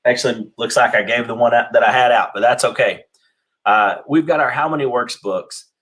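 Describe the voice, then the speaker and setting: A man's voice: mid-range voice, brisk, a bit bright. A man hosting a local radio talk show, slightly out of breath, rambling with many fillers and restarts. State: a little out of breath. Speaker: host.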